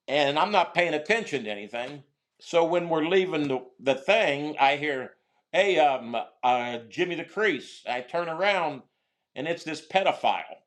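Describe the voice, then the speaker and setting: A middle-aged man recounting a story in loose, casual conversation. He rambles and restarts often, filling pauses as he goes, in a voice of ordinary pitch. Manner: rambling, halting, many restarts and fillers. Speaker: guest, former prisoner.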